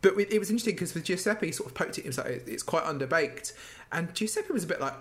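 A high-voiced man talks rapid-fire as he co-hosts a podcast, recapping a TV show in casual chat. He's an animated storyteller who acts out quotes and laughs along the way.

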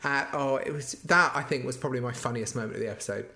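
Co-host: man, lively and giggly, mid-pitched. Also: vocal fry. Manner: lively and giggly, quick to laugh. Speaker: podcast co-host. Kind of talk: casual chat reviewing a baking show.

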